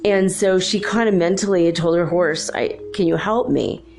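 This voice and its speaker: A woman hosting a talk show, telling a story casually, chatty and laughing often as she quotes people in lively voices. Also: lowish voice, normal speed, faint music behind. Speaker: podcast host.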